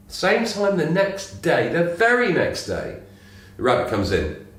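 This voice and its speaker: A man's voice: a little high, wildly swooping pitch, unhurried, a bit bright. A man co-hosting a podcast, chatting casually and telling a joke in a playful storytelling manner. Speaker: podcast co-host. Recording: echoey room.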